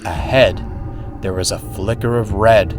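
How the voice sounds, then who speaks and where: A man narrating a scripted spooky story in a slow, suspenseful storytelling manner. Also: on the low side. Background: music.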